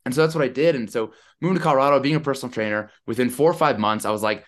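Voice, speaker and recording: A man's voice: medium pitch, racing, hardly any pauses. Chatty man telling a story. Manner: animated, chatty, lots of "I'm like". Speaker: podcast guest. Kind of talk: casual storytelling.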